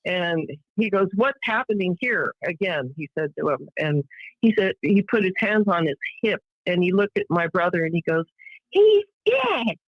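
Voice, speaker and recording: A woman's voice: lowish voice, moderate pace, no echo. Middle-aged woman, podcast guest, emotional storyteller who acts out what others said; dry, dull lo-fi audio. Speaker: interview guest. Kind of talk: emotional personal account.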